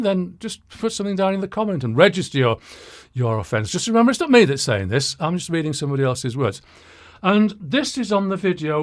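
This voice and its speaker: A man's voice: a little high, no room sound, clean studio sound. An older man, hosting a channel and reading out viewer comments with wry, chuckling humor. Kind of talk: casual talking-head commentary. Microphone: shotgun mic.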